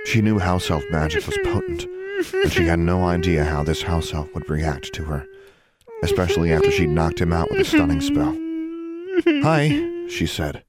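A man reading a story aloud, expressive and giving each character a voice. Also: low-pitched, normal speed. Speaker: audiobook narrator. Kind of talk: storybook narration.

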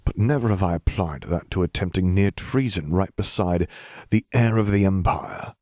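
A man's voice: deep voice, moderate pace, a little mellow, dry recording, clean studio sound, natural voice. A man voicing a stern middle-aged father, tight-lipped and hissing, afraid for his son. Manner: hissed, tight-lipped pleading.

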